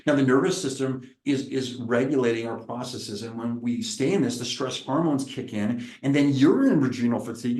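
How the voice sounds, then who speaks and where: A man, a chiropractor, giving an energetic, preacher-like seminar presentation. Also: medium pitch, roomy sound, low-quality recording. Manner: lively, preacherly, acts out little dialogues.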